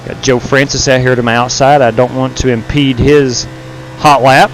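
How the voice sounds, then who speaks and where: A man's voice: mid-range voice, level tone, normal speed, slight background noise. A man streaming a sim race live, chatting casually and greeting viewers by name as he drives. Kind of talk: live stream commentary while racing.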